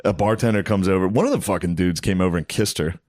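A man with a somewhat low voice tells crude, swear-filled stories in a loose, joking way. He keeps laughing as he goes. The recording is dry and close, with no room sound. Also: fast, darkish tone, dry recording. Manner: crude, profane, laughs through his stories. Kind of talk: casual chat, storytelling.

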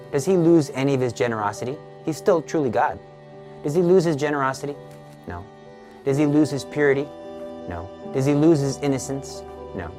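Earnest man telling a devotional story. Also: mid-range voice. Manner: earnest, with rhetorical questions and rising emphasis. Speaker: Catholic speaker.

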